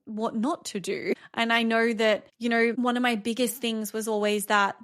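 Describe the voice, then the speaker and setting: A woman's voice: a little high, flat delivery, normal speed, a bit bright. A woman in her thirties hosting a podcast, talking candidly and thoughtfully about her own life. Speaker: podcast host. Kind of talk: solo reflective podcast talk.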